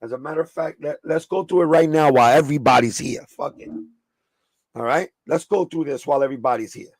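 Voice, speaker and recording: Talking straight to his chat, a New York man runs a loose sneaker livestream packed with profanity and streetwise banter. His slightly high voice has a gravelly edge and moves fast, recorded close and dry with no room sound.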